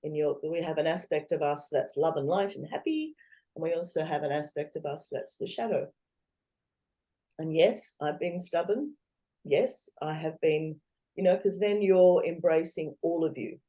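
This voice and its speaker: A woman's voice: deep voice, normal speed. A woman, a guest in a casual interview, talking animatedly and acting out what others say. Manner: animated, acts out quoted voices, laughs often.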